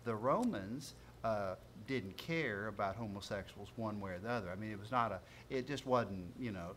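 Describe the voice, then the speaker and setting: Rambling man with halting speech. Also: lowish voice, fairly bright tone. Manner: halting, many fillers and restarts, rambling. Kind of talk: casual panel chat over dinner. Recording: faint room noise, live stream.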